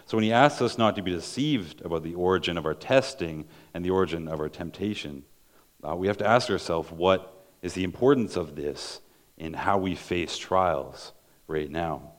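A man's voice: sits low, moderate pace. A man preaching a sermon, earnestly explaining scripture, reading verses aloud and often restarting his words.

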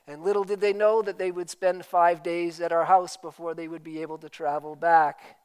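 A man's voice: fairly high pitch, little pitch movement, moderate pace, clean tone, rough recording. A man preaching a sermon as pastor, emphatic and full of rhetorical questions.

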